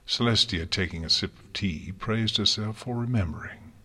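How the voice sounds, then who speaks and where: Husky low-voiced male storyteller. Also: normal speed, bright, forceful tone. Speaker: audiobook reader. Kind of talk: storybook narration.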